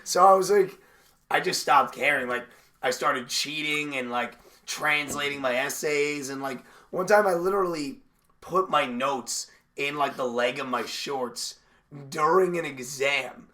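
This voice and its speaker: A man's voice: fairly high pitch, unhurried, bright, forceful tone. A young man hosting a podcast, joking crudely and laughing a lot in casual chat. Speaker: podcast host.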